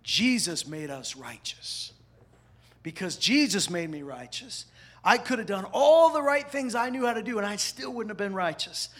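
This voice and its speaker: A pastor whose parents are from the American South preaches at normal speed in a fairly high, husky voice. He swings from loud, punchy lines to hushed, almost whispered asides, keeping the sermon lively and conversational.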